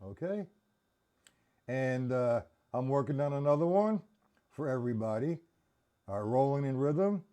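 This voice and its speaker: A man's voice: mid-range voice, expressive, measured pace, long pauses, warm tone, clean tone. A man teaching a live-streamed drum lesson, counting beats aloud and checking in with viewers.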